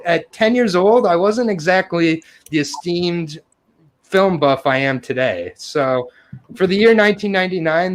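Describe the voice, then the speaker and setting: A man in his thirties hosting a casual film chat, rambling with fillers, joking and swearing freely. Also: a little high. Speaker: podcast host.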